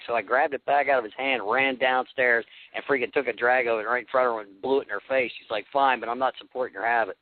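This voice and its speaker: A man's voice: medium pitch, fast. Easygoing singer man on a tinny line. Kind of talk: casual talk-radio chat. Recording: tinny phone-like radio audio.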